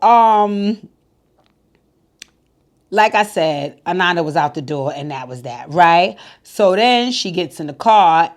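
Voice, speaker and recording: Chatty low-voiced woman reviewing reality TV. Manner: candid, chatty, swears freely. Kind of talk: casual recap commentary.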